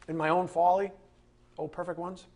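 Man, preaching, high voice, husky, gravelly, fiery. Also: flat delivery, moderate pace. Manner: fiery, rising to angry shouting. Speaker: preacher teaching a Bible class. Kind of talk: sermon.

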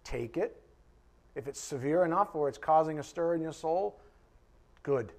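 A man preaching a conversational sermon to a Bible class. He talks directly to his listeners and swings between loud emphasis and quiet asides. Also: on the high side, expressive, normal speed. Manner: emphatic and direct, addressing the congregation.

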